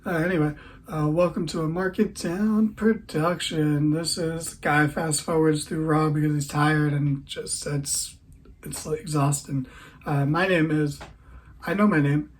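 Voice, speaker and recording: A man's voice: fairly high pitch, steady tone, measured pace, a little hiss or hum, poor audio. A tired man hosting a podcast, giving a rambling, sarcastic recap of a wrestling show. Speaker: podcast host.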